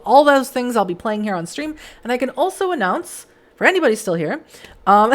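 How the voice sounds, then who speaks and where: A woman streamer chatting with her viewers at the end of a stream, enthusiastic and full of fillers and restarts. Her voice is hoarse and worn, as if it is about to give out. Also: medium pitch. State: hoarse, voice giving out. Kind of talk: casual livestream chat.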